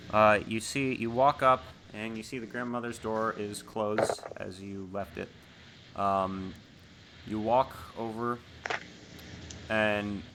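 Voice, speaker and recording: A man running a tabletop horror game as game master, relaxed, often asking the players what they do. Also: on the low side, background noise. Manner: relaxed, asks players questions, fillers.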